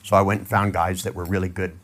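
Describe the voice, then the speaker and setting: A man's voice: deep voice, flat delivery, fast talker, a little hiss or hum. A middle-aged man giving a humorous motivational talk to a live audience, joking and acting out little scenes as he tells stories. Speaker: seminar speaker.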